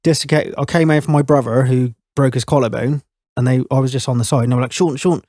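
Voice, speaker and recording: A man's voice: medium pitch, steady tone, fast talker, a little mellow, no room sound, studio quality. A man in his thirties, a chef guest on a podcast, telling anecdotes in casual chat, laughing often and swearing freely. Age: 30s.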